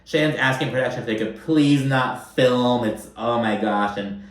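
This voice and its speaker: A man casually recapping a reality show, sassy and animated, swearing often and acting out what the cast says. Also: mid-range voice, normal speed, echoey room, far from the mic. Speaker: recap host.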